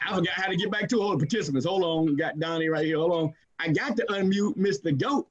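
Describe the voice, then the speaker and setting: A high-voiced man hosting a live video call at a rapid clip, repeating himself and firing call-and-response lines at the people on the call. The sound is muffled, and a crowd of other callers chatters behind him. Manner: energetic, repetitive, call-and-response hype. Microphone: computer mic on a video call.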